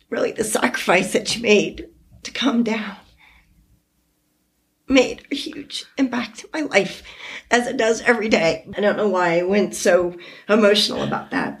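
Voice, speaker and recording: A woman hosting a podcast, talking with a close friend in an emotional, heartfelt way, teary and halting at times. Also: mid-range voice. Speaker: podcast host. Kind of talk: emotional casual chat.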